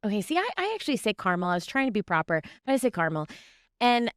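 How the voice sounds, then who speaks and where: High, lively woman laughing at her bake. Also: rapid-fire, clear, resonant tone, no room sound, clean studio sound. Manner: animated, giggly, self-deprecating. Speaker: podcast co-host, baker. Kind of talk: casual chat.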